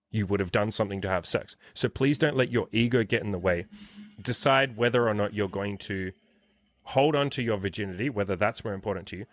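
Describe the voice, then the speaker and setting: A man in his thirties, with a lowish voice, hosts an interview as a dating coach, chatting casually in a blunt, emphatic way full of swearing. The recording is clean studio sound with no echo.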